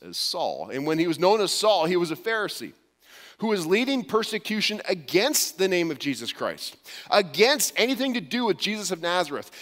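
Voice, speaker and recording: A pastor preaching a storytelling sermon, often dropping to a hushed voice for quoted words. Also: male voice, sits high, big-room sound.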